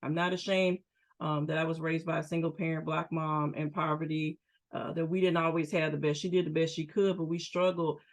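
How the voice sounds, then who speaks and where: A woman's voice: deep voice, flat delivery, fairly quick. Candid woman telling her own story. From United States. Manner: candid, emphatic, conversational with repeated restarts. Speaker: podcast host, therapist. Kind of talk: personal storytelling.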